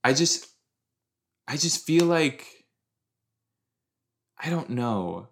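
Unhurried, chatty young man reacting. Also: medium pitch, sing-song, vocal fry, a little hiss or hum. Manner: chatty, self-deprecating, rambling with fillers. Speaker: podcast host. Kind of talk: casual watch-along commentary.

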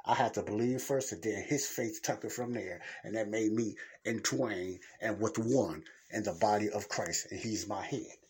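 A man's voice: lowish voice, normal speed, few pauses, slight background noise. A middle-aged man hosting a Christian podcast, preaching in a blunt, casual, colloquial way and repeating points for emphasis.

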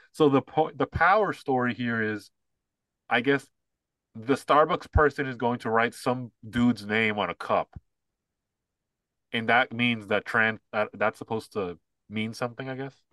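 A man co-hosting a casual podcast, giving opinions and mocking an ad, now and then quoting lines in a high put-on voice. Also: normal speed, fairly bright tone, dry recording. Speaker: podcast co-host.

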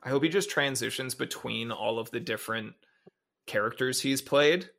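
A man co-hosting a video game podcast, chatting casually and excitably. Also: medium pitch, moderate pace, vocal fry. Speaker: podcast co-host. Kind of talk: casual chat.

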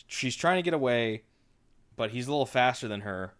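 A man's voice: mid-range voice, animated, fairly quick, a bit bright. A man hosting a podcast, casually retelling a story in a loose, rambling way. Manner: rambling, with frequent fillers and restarts. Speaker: podcast host.

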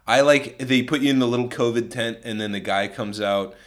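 A man's voice: mid-range voice, brisk, a bit bright. A man co-hosting a podcast, teasing and swearing in casual banter. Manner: swears a lot, jokey and teasing. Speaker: podcast co-host. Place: in New York.

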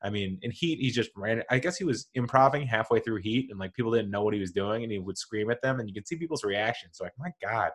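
Recorded at home with dogs nearby, a podcast host with a lowish, slightly bright voice talks fast with hardly any pauses. He's casual and enthusiastic, rambling and correcting himself as he goes.

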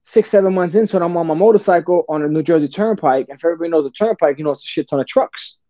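A man talks through his story as a podcast guest. His delivery is loose and profane, and he keeps restarting sentences and calling the listener "brother." His voice sits a little high and mellow, and the recording is dry and muffled. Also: rapid-fire, no echo. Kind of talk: casual storytelling. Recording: dull lo-fi podcast audio.

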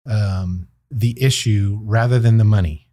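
A low, mellow male voice in a dry, close-miked podcast interview. He is a county probation chief who talks in a measured, thoughtful way, pausing on fillers and restarting phrases as he works through his points. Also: no room sound.

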